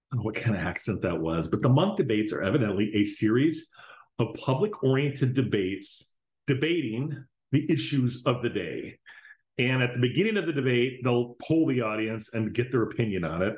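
A male podcast host giving solo commentary in a casual, profane, ranting way. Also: fairly low pitch. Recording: roomy echo.

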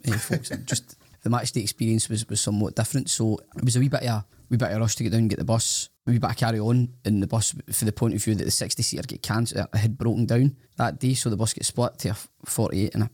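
A Scottish man co-hosts a casual podcast and tells his stories in a quick, rambling way, often restarting his sentences. His voice is recorded close and dry, and his humour is self-deprecating. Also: mid-range voice, a little mellow, husky, no echo. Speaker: podcast co-host.

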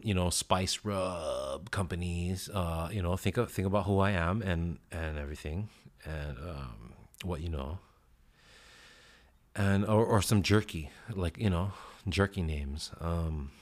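A man with a very low voice hosts his own podcast alone, talking loosely and swearing freely. His delivery is rambling and full of fillers, and he sounds a little short of breath. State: out of breath after push-ups. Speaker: podcast host. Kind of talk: casual solo podcast chat.

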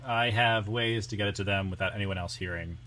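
A man's voice: fairly low pitch, brisk, pushed and bright, slight background noise. A man running a tabletop game as game master, speaking in a laid-back, hesitant way with many fillers.

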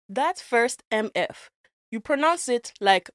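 A woman chats as a podcast co-host, playful and teasing. Her voice sits fairly high. The sound is dry and close, with little room around it. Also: slow, dry recording. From Nigeria. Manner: playful, teasing, animated storytelling. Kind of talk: casual chat.

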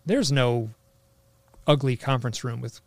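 Gravelly man telling a story. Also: mid-range voice, measured pace, no room sound. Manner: rambling, full of "like" fillers and restarts. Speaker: interview guest. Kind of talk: casual personal storytelling.

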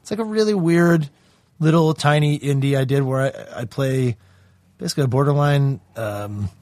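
A man's voice: mid-range voice, moderate pace, a little mellow, no room sound. A Canadian man, an actor guest on a podcast, chatting casually in a laid-back, profane, rambling way.

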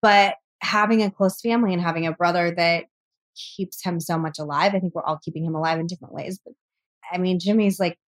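Earnest, reflective woman, slightly low voice. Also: steady tone. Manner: earnest, reflective, quick to laugh. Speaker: podcast guest. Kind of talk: candid conversational interview.

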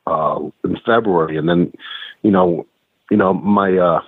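A man's voice: low-pitched, measured pace, breathy edge, no echo, phone-quality sound. A middle-aged man, a guest on a podcast, telling stories animatedly, putting on voices and often stammering. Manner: animated storyteller, does voices in anecdotes, stammers. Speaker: guest, former wrestler and actor. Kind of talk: casual interview chat.

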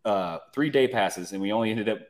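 A man's voice: fairly low pitch, a little fast, a little mellow. Brash, joking man telling stories. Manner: brash, joking storyteller who swears. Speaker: guest, mountain bike video creator. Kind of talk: casual chat.

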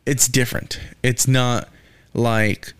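A man's voice: medium pitch, level tone, slow, clean tone, no echo. A young man hosting his own podcast, rambling casually with lots of swearing and fillers like "man" and "you know". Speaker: podcast host. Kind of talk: casual solo podcast rant.

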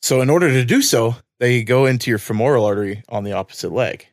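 Casting: male podcast co-host, animated storyteller, dry close sound. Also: mid-range voice, quick pace, no echo. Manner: animated storyteller, acts out voices, laughs often. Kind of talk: casual chat, storytelling.

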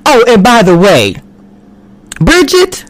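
A woman giving a casual recap of a TV drama, animated and quick to act out the characters' lines. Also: fairly high pitch. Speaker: TV recap reviewer. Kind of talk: casual chat. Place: home, recording a live stream.

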